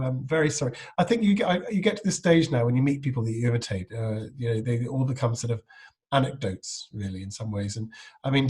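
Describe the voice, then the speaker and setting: A man's voice: mid-range voice, darkish tone, breathy edge. A middle-aged man, a guest impressionist, telling anecdotes in casual interview chat, rambling with frequent restarts.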